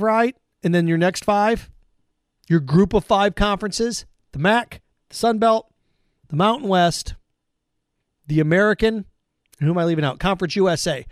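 Sarcastic, animated male talk host. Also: sits high, smooth, no echo, clean studio sound. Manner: sarcastic, mocking, animated rants. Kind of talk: sports talk monologue.

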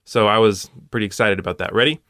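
A man with a fairly low voice hosts a puzzle show, reasoning through each solution in a steady, methodical way. He drops dry puns along the way. The sound is close and dry, with no room around it. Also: fast talker, no echo. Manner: methodical, with dry punning asides.

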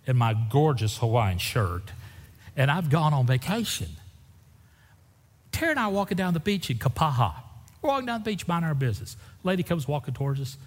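Long reverb fills the echoey church sanctuary as a pastor delivers his sermon through folksy stories, his voice rising and falling in big, lively swings.

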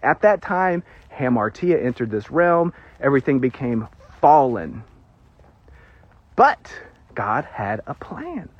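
A man preaching a sermon, animated and prone to nervous giggling as he explains scripture. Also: mid-range voice, takes it slowly, no room sound. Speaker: pastor. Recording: dull lo-fi recording.

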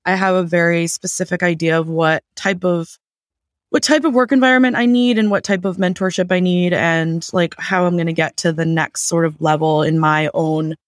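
A woman's voice: on the low side, normal speed, no room sound, studio quality. A woman appearing as a guest on a podcast, talking enthusiastically and rambling with lots of "like". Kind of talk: casual podcast chat.

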